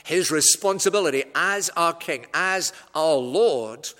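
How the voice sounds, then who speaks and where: Preacher in an echoey hall. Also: male voice, on the high side, lively intonation, a bit bright. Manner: measured, explanatory, with wry asides. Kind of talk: expository sermon.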